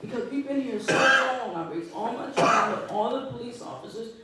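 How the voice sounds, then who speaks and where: Upset woman at a town meeting, halting and emotional, far off, lots of echo. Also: on the high side, fairly even intonation, very noisy. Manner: emotional, hurt, pleading, halting. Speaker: resident speaking at a public meeting. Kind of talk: public comment. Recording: echoey hall, distant mic.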